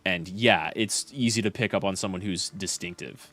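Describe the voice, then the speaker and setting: Young male streamer, casual rambling chat, lowish voice, faint music behind. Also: moderate pace, fairly bright tone. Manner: rambling, with lots of fillers and restarts.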